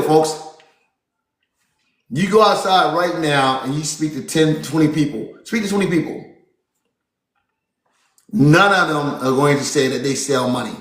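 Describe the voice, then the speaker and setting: A man giving an energetic, repetitive seminar talk as a real estate business coach, often calling his listeners folks. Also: on the high side, roomy sound.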